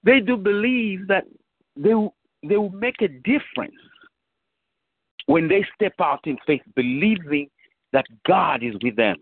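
A man's voice: high voice, expressive, measured pace, long pauses, husky, no echo. Preaching man on a tinny phone line. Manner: conversational preaching with frequent "you know" and repetition. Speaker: bishop preaching. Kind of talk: sermon.

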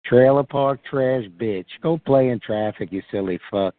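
A man's voice: medium pitch, moderate pace. A man hosting a call-in show, firing back insults and profane jabs at callers. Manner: insulting, trash-talking. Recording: dry, phone-like.

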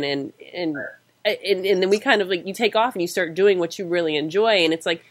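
Halting woman podcast host, dry sound. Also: fairly low pitch, no echo. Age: 30s. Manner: halting, lots of "you know" fillers. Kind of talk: casual interview chat.

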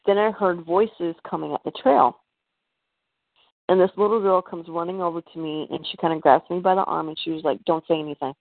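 A woman's voice: on the low side, normal speed, creaky, dry recording. Hesitant woman on a tinny line. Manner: hesitant, many fillers and restarts. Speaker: podcast guest. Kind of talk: telling a personal story.

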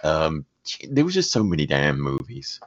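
A man's voice: a bass voice, huge pitch swings, moderate pace. A man co-hosting a podcast in casual chat, reading the news and laughing often between lines. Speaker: podcast co-host. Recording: dull lo-fi sound.

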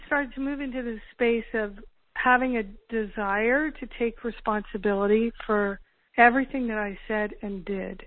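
Slow, earnest woman on a phone line. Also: medium pitch, no echo. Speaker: host. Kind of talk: teaching talk on a call-in show. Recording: phone-line quality, dry.

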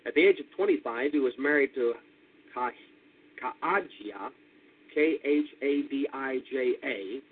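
An American man delivers a radio sermon in a measured, deliberate way, pausing to spell out unfamiliar words. His voice is husky and sits at an ordinary middle pitch. The sound is thin and narrow, like an old broadcast heard over a phone line. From United States. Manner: deliberate, spells out words, rises emphatically on key points. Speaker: radio preacher.

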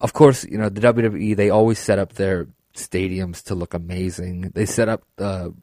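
A man's voice: sits low, fairly even intonation, normal speed, dark tone, dry recording, studio quality. Rambling profane man telling a story. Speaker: podcast host. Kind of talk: casual storytelling.

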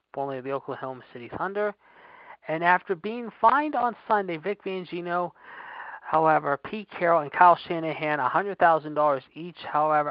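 A man's voice: on the high side, no room sound. A man hosting a wrestling news podcast, reading figures with rambling filler phrases. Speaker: podcast host. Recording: dry, dull lo-fi sound.

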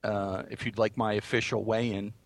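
A man co-hosting a casual podcast, halting and dryly sarcastic. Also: fairly low pitch, little pitch movement, dry recording. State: sounding odd this morning. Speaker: podcast co-host.

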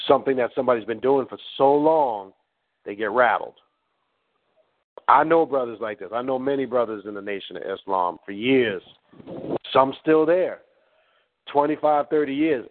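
A man hosting a talk and teaching in a blunt, preachy way, swearing as he goes. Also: medium pitch. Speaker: host. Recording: tinny phone-like line.

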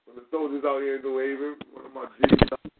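A man hosting a call-in show, animated, laughing and greeting callers by name. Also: medium pitch, fast talker, creaky, very noisy. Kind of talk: casual call-in chat. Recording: phone-like lo-fi call audio.

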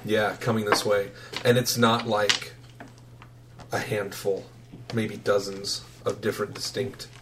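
A man's voice: fairly low pitch, level tone, unhurried, fairly bright tone. A man narrating as game master of a tabletop game, describing the scene in a casual, matter-of-fact way. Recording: distant noisy mic.

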